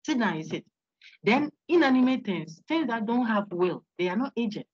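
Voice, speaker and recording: A woman's voice: a little high, normal speed, breathy edge, no echo, lo-fi sound. A woman lecturer, giving an interactive online lecture, laughing often and quizzing her students. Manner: animated, laughs often, asks students questions. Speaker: university lecturer.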